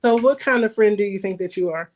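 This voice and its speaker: A woman's voice: mid-range voice, fast talker, darkish tone. A woman in a casual group chat who asks thoughtful, probing questions. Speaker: participant asking questions.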